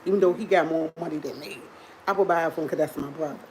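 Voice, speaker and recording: A woman hosting a livestream, telling a funny story to her viewers in an animated, chatty way and laughing often. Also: low voice, fast, a little hiss or hum, low-quality recording. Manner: drinks coffee while talking. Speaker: livestream host.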